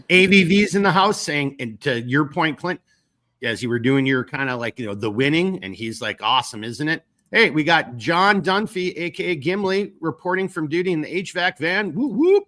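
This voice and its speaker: Bright-voiced Minnesotan man rambling on a podcast. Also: mid-range voice, normal speed. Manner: rambling, with many restarts and casual swearing. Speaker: podcast host. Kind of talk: casual political podcast chat.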